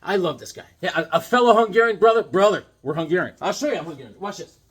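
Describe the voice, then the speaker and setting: A man's voice: high-pitched, expressive, fast talker, fairly bright tone, husky. A man rambling through his comic book haul in a casual vlog, cracking jokes and interrupting himself. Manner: jokey, rambling, self-interrupting.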